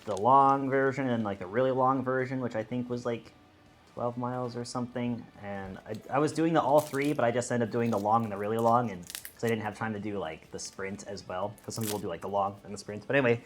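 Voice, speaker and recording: A man's voice: medium pitch, a little fast. Rambling man chatting on a stream. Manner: rambling, many fillers and restarts. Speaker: stream co-host. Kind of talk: casual chat on a charity stream.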